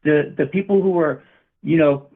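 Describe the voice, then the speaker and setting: A man's voice: a little high, moderate pace, gravelly. A man calling in to argue, provocative and rambling with many fillers. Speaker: caller. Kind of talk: call-in argument. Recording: tinny phone line.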